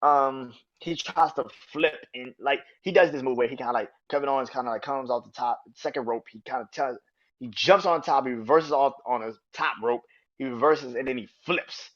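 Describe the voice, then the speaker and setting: Profane, animated man reviewing wrestling. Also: mid-range voice, moderate pace. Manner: animated, profane, acts out quotes in raised voices. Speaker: podcast host. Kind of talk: casual match review. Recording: dull lo-fi audio.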